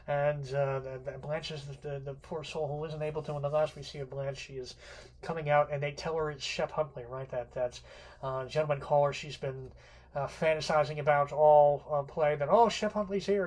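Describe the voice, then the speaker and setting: A man giving an unscripted literature lecture, rambling with many fillers and restarts and some casual swearing. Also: on the high side.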